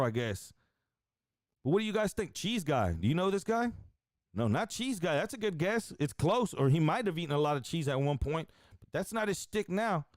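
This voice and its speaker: A man hosting a casual streamed show, talking excitably and crudely straight to his viewers. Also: sits high, no room sound, studio quality. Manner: excitable, profane, addresses viewers directly. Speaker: stream host.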